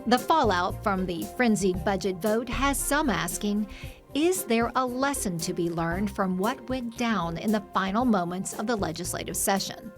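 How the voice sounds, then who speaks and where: American woman doing news voice-over, even and clear, music loud underneath. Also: mid-range voice, normal speed. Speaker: news reporter. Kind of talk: scripted news narration.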